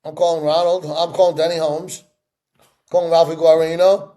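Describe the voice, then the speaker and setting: A middle-aged man in a sit-down interview, telling stories with lively acted-out voices. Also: a little high, normal speed. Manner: animated storyteller acting out quoted voices. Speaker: interview guest.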